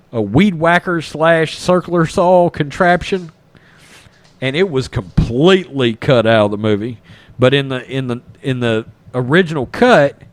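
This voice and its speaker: A man's voice: mid-range voice, no room sound. A man, hosting a podcast and casually retelling a movie plot, rambling and swearing freely. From East Texas. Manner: rambling, animated, swears freely, acts out character lines. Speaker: podcast host reviewing a film.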